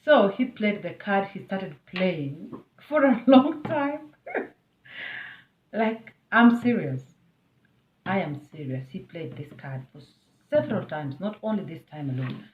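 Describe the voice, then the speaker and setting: A woman's voice: fairly low pitch, expressive, moderate pace, slight background noise. Chatty Kenyan woman, tinny and echoey. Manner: chatty, emphatic, talks straight to the viewer. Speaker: vlogger. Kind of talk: storytime vlog. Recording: tinny, phone-like and roomy.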